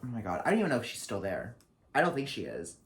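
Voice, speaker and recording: A man's voice: huge pitch swings, fast. Sassy, foul-mouthed young man vlogging. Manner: sassy, profane, dramatic asides; swings between loud outbursts and low mutters. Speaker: vlogger and drag performer. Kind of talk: casual year-recap vlog.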